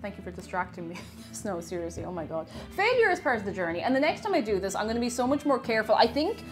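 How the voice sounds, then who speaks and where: A woman hosting a casual livestream, chatting excitably and thanking her viewers. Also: mid-range voice, quick pace, music in the background. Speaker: livestream host.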